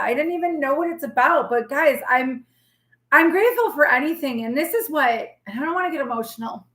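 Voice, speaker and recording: A woman, a tarot reader talking candidly to her live-stream viewers in a sassy, feisty, rambling way, with a forceful tone that can sound like yelling. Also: high-pitched. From New York. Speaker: tarot reader and channel host. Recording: echoey room.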